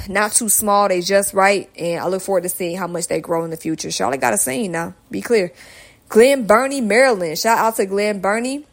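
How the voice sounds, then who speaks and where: Woman host from Atlanta, mid-pitched, upbeat and slangy, casual solo podcast shout-outs. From Atlanta, Georgia, USA. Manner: upbeat and slangy, reading off a long list of places.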